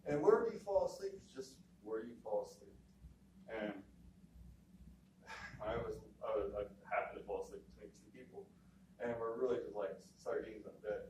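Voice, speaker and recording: A man's voice: fairly low pitch, normal speed, darkish tone, a little hiss or hum. Man telling a story from across an echoey room. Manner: conversational, repeats words, quotes others. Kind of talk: personal storytelling talk. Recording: echoey room from a distance, faint ambience.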